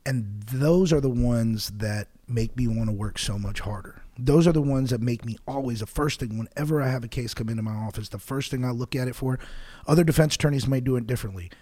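A man with a husky voice speaks earnestly and with emphasis as a guest on a podcast. He explains his views in plain conversational sentences into a studio podcast mic. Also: medium pitch, brisk, warm tone. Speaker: criminal defense attorney, guest. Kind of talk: conversational interview answers.

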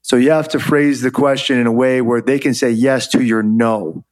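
Male guest, mid pitch, relaxed storyteller, loose and chatty. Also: normal speed. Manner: relaxed, chatty, many fillers. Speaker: guest, former Army officer. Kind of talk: interview storytelling.

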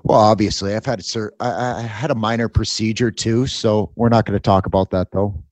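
A man in his forties trades teasing, laughing banter as a podcast co-host, proudly opinionated. His voice is very low, recorded close and dry on a studio mic. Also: steady tone, fairly quick, darkish tone, no echo. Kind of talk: casual chat.

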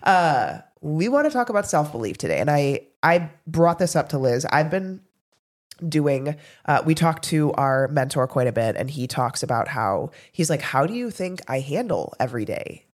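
A woman in her thirties co-hosting a podcast, chatting casually with quick asides and laughter. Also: low-pitched, expressive. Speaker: podcast co-host. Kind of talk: casual chat.

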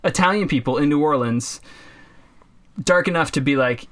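A man co-hosting a casual podcast, talking in a sarcastic, profane way and jumping into high mocking voices for the people he quotes. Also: normal speed, a bit bright. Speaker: podcast co-host.

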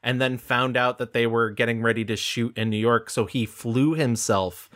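A man's voice: mid-range voice, steady tone, a bit bright. A man co-hosting a film podcast, chatting casually and eagerly sharing movie trivia. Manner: enthusiastic, quick trivia telling. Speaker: podcast co-host. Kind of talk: casual chat.

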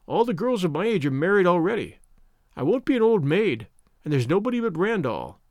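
A man reads a proud young woman in a storybook, worldly and teasing. She speaks frankly with a lively, rising and falling pitch. The recording is close and dry. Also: a little fast, no room sound. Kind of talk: audiobook reading.

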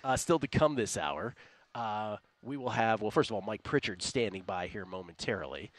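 A man's voice: on the low side, expressive, normal speed, dry recording. A man hosting a sports betting radio show, chatting casually and laughing often. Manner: chatty, laughs often, reads listener tweets aloud.

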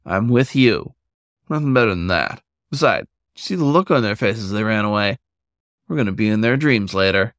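A man's voice: fairly low pitch, expressive, moderate pace, fairly bright tone, no room sound, studio quality. A man voicing an anxious, bratty male wolf with a snappy, barking way of talking. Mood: playful.

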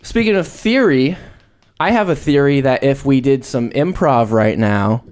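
A man's voice: medium pitch, lively intonation, measured pace, darkish tone, smooth. A young man hosting a casual podcast, teasing his co-hosts and steering into segments. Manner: joking, leads segments, jumps in with mock voices. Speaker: podcast host. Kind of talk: casual chat.

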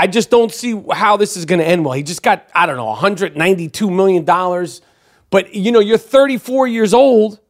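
A man hosting a sports podcast, talking in a profane, animated, rambling way. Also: high voice. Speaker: podcast host. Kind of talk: casual sports podcast rant.

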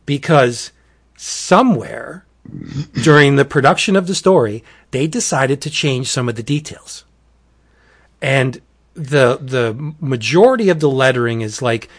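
A man chatting casually as a podcast host, animatedly retelling a wacky horror comic and acting out its quotes. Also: medium pitch. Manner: animated storyteller, acts out quotes, says wackadoodle.

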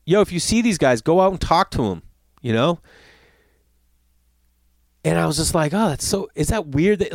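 A man's voice: a little high, dry recording. A middle-aged man telling a story in a casual monologue, ranting and swearing as he goes. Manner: profane, ranting, animated storytelling.

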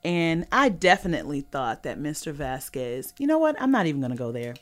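Brisk and sassy, this young podcast host from California keeps the chat casual and animated, laughing a lot while alternating loud declarations with quiet asides.

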